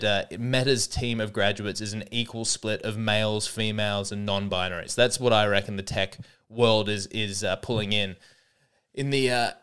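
A man around thirty with an Australian accent, a comedian hosting a podcast, telling stories in a rambling, animated way with lots of restarts. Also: fairly low pitch, clean tone. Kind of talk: casual comedic monologue.

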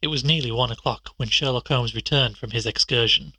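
A man with a husky voice narrating a classic detective story in a measured manner. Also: medium pitch, bright, forceful tone, no echo. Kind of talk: scripted audiobook narration.

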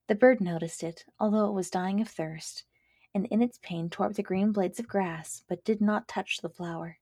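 A woman reading fairy tales aloud as a storybook narrator, in a gentle, measured storytelling manner on a close mic. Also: fairly low pitch, husky, no echo. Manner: gentle, measured storytelling with quick casual asides. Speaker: storybook reader and podcast host.

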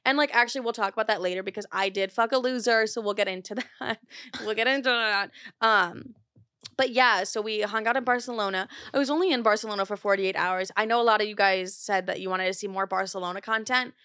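A woman hosts a podcast in loose, chatty talk, packed with "like" and swear words. Her voice sits in a middle pitch, and her speech is recorded dry and close, with no room echo. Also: quick pace, bright, forceful tone. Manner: chatty, profane, heavy use of "like"; gets heated while telling a story. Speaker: podcast host. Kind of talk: casual chat.

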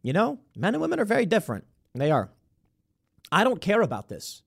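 Sarcastic guy ranting on a political show, voice jumps all over, kinda high. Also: brisk, gravelly, slightly rough. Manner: sarcastic, rambling, animated. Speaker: political podcast host. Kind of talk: opinion commentary.

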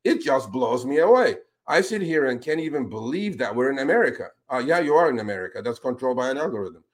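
A podcast host runs his talk show with casual, lively commentary, talking fast in a mid-range voice. His tone turns indignant as he calls out politicians with a pointed "sir".

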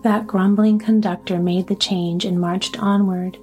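A woman narrating a story aloud in a steady, even storybook reading. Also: medium pitch, unhurried, soft background music. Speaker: audiobook narrator.

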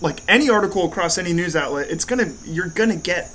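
Male podcast co-host with a high, bright voice, loose and profane, lots of laughing and "um"s. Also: expressive, a little hiss or hum, low-quality recording. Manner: profane, laughing, halting with fillers. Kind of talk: casual chat.

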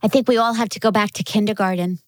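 A woman hosting an interview, asking questions in a measured, encouraging way. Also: mid-range voice, steady tone, no echo. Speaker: host. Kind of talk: podcast interview.

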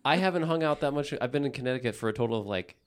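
Animated joking male podcast host. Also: medium pitch, racing, smooth. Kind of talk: casual interview, reads ad spot.

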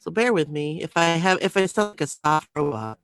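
A woman's voice: sits low, sing-song, brisk, dry recording. A woman co-hosting a podcast, chatting casually with many restarts over a glitchy internet call. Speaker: podcast co-host. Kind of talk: casual chat. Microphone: remote call over glitchy internet.

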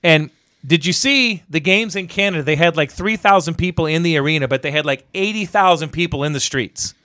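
A man's voice: on the high side, a little fast, bright, forceful tone, dry recording, clean studio sound. Profane man telling a bar story. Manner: profane storytelling, acts out quotes. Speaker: podcast co-host. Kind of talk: casual sports chat.

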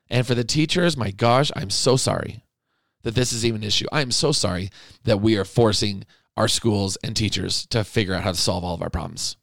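A man's voice: medium pitch, creaky, no echo, clean studio sound. A middle-aged man hosting a podcast, talking in an impassioned monologue that is indignant, emotional and pleading. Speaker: podcast host.

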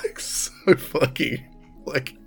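A man's voice: takes it slowly, faint music behind. A man, co-hosting a podcast and telling a story with lots of swearing and laughter. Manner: animated storyteller, swears a lot, laughs often. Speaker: podcast co-host. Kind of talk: casual chat.

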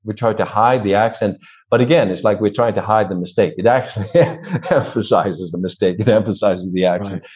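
A Swedish-accented man with a lowish voice talks through voice training as an interview guest. He stops to act out sounds as he explains them. The recording is a little dull and lo-fi. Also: brisk. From Sweden. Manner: animated, demonstrates sounds aloud. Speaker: vocal coach.

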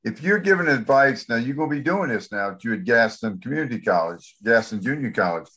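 A man's voice: medium pitch, expressive, a little fast, a bit bright, breathy edge. A man interviewing a former player, asking questions casually.

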